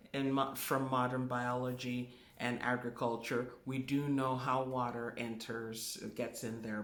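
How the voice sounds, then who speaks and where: Slow, emphatic spiritual teacher, roomy echo. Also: mid-range voice, fairly bright tone. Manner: emphatic, repeats key words. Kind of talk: spoken spiritual class.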